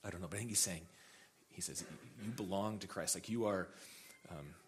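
A man's voice: deep voice, fairly quick, slight background noise. A young adult man preaching a sermon as pastor, telling stories in a casual way with many restarts and repeated words.

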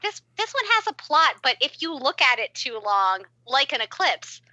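A woman's voice: high-pitched, very animated, normal speed, sharp tone, no room sound, highs cut off. A woman co-hosting a podcast, making sarcastic jokes about a movie and giggling often. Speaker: podcast co-host. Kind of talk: casual movie review chat.

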